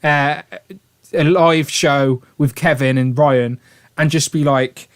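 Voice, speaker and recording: A man's voice: medium pitch, steady tone, extremely slow, long pauses. A man hosting a toy review livestream in casual, jokey chat, laughing often.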